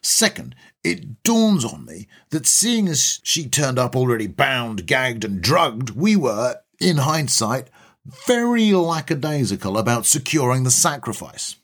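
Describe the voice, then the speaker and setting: A man's voice: medium pitch, sing-song, a little slow, fairly bright tone. A man reading a comic short story aloud in a wry, chatty first-person voice.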